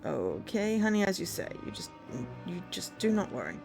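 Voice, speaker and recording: A woman voicing a smooth, condescending male impostor who speaks in a soothing, patronizing way. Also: mid-range voice, very animated, moderate pace, darkish tone, faint music behind.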